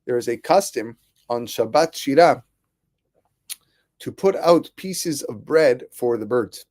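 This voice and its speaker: Animated rabbi teaching a Torah lesson. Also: male voice, fairly high pitch. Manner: animated storyteller, acts out quoted voices. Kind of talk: Torah class.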